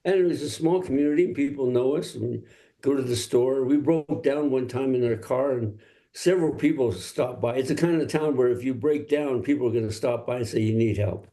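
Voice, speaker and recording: A man's voice: medium pitch, brisk, warm tone. An older man from Los Angeles, a singer-songwriter guest, telling easygoing, rambling stories in a casual interview.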